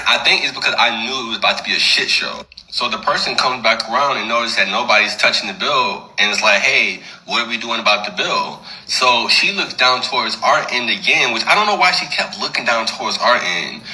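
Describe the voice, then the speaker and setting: Guy telling a story casually, real bright sharp voice, animated. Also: medium pitch, fairly quick, hardly any pauses, low-quality recording. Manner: conversational, animated retelling.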